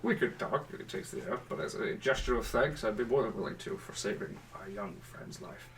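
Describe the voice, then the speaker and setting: A man voicing a grave, formal male centaur who leads a caravan, speaking in a measured, low way. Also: a bit bright, recorded from a distance, slight background noise, close to an everyday voice, low-quality recording. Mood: courteous.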